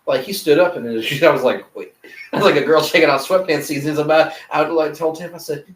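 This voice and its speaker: A man's voice: on the high side, fast. A young man co-hosting a podcast in a laid-back casual chat, swearing freely and restarting his sentences. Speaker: podcast co-host. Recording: echoey room, mic at a distance.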